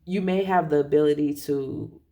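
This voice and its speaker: A casual, rambling tarot reading comes from a speaker who keeps correcting themself and laughs quietly along the way. Their voice is creaky, medium in pitch and moderate in pace.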